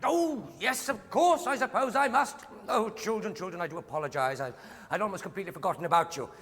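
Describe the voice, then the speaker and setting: A man's voice: high voice, animated, fast talker, a bit bright. An actor playing a fussy, absent-minded male scientist uncle in a stage musical, British accent, old-fashioned and dithering. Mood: flustered. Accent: British English. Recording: live theatre sound with hall reverb.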